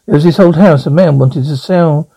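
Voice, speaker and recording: Flustered husband, radio play, gravelly. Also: male voice, fairly high pitch, moderate pace, warm tone. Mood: bewildered. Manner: flustered, bewildered. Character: anxious, bewildered middle-aged married man. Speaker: man troubled by strange dreams. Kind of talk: radio drama acting.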